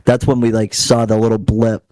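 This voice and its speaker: Young male co-host, low mellow voice, dry close mic, laid-back rambling. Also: little pitch movement, brisk, no echo, poor audio. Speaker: podcast co-host. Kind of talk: casual podcast chat.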